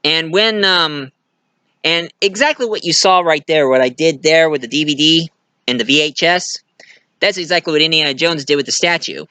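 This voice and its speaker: A man's voice: a little high, moderate pace, sharp tone, clean tone, dry recording. A man giving a casual, rambling movie review, chatty and full of restarts. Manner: rambling, chatty, many restarts, laughs at own jokes. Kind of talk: casual film review monologue.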